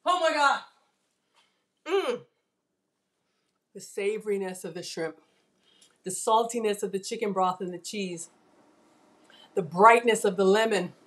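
A woman runs a live cooking class from her home kitchen, chatting freely and getting excited as she cooks. Her voice sits at an ordinary pitch for a woman. She keeps turning to her online viewers as if they are in the room with her. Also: unhurried, pauses often. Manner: chatty, excitable, talks straight to viewers as y'all.

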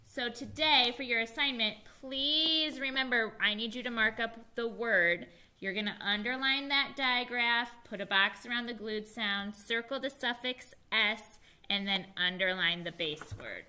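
A young woman teacher walks small children through a phonics lesson, sounding out each word with care. Her voice is very bright and crisp, and she takes her time over every step. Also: a little high. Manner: slow, clear, sounding out words for young children. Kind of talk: early-reading phonics lesson.

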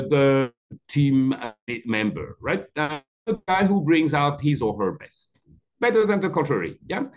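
A man's voice: a little high, muffled recording. A man giving a coaching keynote, telling a story with lots of "uh" and frequent "right?" checks to the audience. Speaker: keynote speaker and leadership coach.

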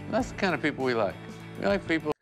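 A man gives a deadpan, sardonic talking-head interview for a television show. Soft music plays faintly beneath his voice. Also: a little high, rapid-fire. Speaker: celebrity dog owner on a reality show. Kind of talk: dry confessional interview.

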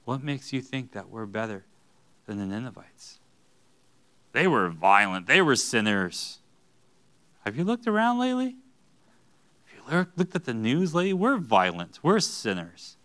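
Bright, clear-voiced man preaching a sermon. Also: mid-range voice, very animated, a little slow, pauses often. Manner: earnest, rising to emphatic bursts. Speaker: pastor. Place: church.

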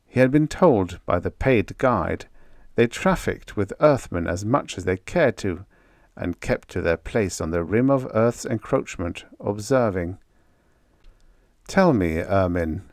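Man, audiobook narrator, measured expressive storytelling, lowish voice, dry close sound. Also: dry recording. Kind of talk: scripted narration of a vintage sci-fi story.

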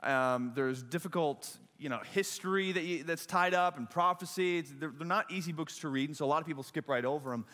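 A young adult man giving a sermon as pastor, an animated, self-mocking storyteller. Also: fairly high pitch, brisk, hardly any pauses. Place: church auditorium. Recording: long hall reverb.

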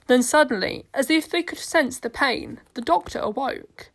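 A woman's voice: high-pitched, lively intonation, normal speed, vocal fry. Woman reading a story aloud. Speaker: narrator.

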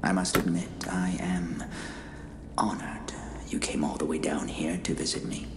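An actor playing a deranged male cult leader who talks in a hushed, creeping whisper with sudden lilting rises. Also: low voice, flat delivery, normal speed, background noise. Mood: reverent. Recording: game audio with roomy echo.

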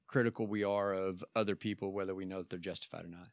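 Low-voiced man musing casually. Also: fairly even intonation, fast talker, creaky, no room sound, studio quality. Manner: musing, easygoing, jokey. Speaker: podcast co-host. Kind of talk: casual chat.

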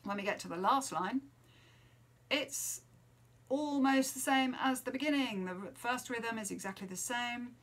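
A woman's voice: on the high side, unhurried, fairly bright tone. A woman teaching children a trumpet lesson from home, explaining a tune and counting and singing the rhythms aloud.

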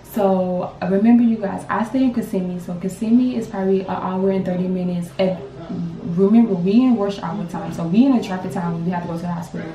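A young woman in her twenties, a grieving mother telling her story to camera in a halting, repetitive, emotional way. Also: fairly low pitch, steady tone, warm tone, slight background noise. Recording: roomy sound from a distance.

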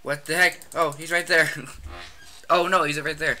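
A gamer giving casual, excitable commentary while playing a shooter, trash-talking opponents with frequent shouted outbursts. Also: mid-range voice, normal speed, background noise.

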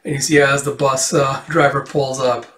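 A man's voice: medium pitch, flat delivery, moderate pace, fairly bright tone. A man casually retelling a comic book, chatty and loose, with swears and asides. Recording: roomy echo, distant from the mic.

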